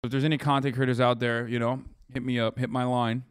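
A man's voice: medium pitch, flat delivery, fast, clean tone, no room sound, studio quality. A man hosting a livestream, reacting casually with profane, sarcastic, rambling talk full of restarts. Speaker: livestream host. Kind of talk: casual stream reaction commentary.

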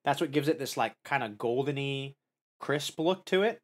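At a moderate pace, a man goes through a casual snack tasting on stream. He's easily excited, bursting into high-pitched squeals of happiness and dismay, then murmuring as he savors the food.

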